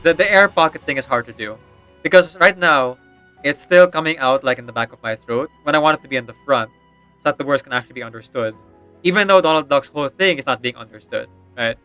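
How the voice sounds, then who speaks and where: A man's voice: mid-range voice, fast, sharp tone, smooth. A man chatting casually while streaming a game, rambling with lots of fillers and frequent laughter, with faint game music behind. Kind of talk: casual chat while gaming.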